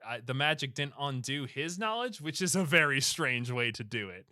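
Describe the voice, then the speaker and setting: A man's voice: mid-range voice, no room sound, studio quality. Young man animatedly recapping a movie. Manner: animated storytelling, swearing, acting out characters in quick impressions. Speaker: podcast co-host. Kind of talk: casual comedic movie recap.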